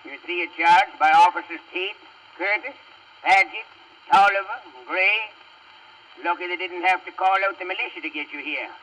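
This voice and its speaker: A brusque, dry judge. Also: male voice, high-pitched, normal speed, pushed and bright. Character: gruff small-town judge, middle-aged man, impatient. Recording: muffled old record.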